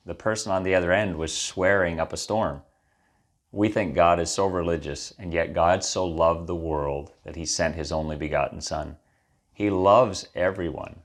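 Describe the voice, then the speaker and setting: Deep-voiced man giving an earnest exhortation. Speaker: ministry host. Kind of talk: sermon-like encouragement.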